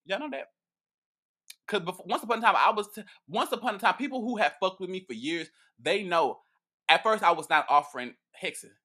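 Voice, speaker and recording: Bright-voiced man in profane casual chat. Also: high-pitched, a little fast. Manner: profane, playful and animated, with frequent laughs and restarts. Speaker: priest answering viewer questions.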